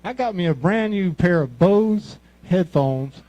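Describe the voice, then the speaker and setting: Profane Mississippi man in his sixties, higher-pitched. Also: expressive, measured pace, dark tone, highs cut off. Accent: Mississippi Southern US. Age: 60s. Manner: crude, profane, rambling anecdotes. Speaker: amateur comic at a talent show. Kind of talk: stand-up storytelling.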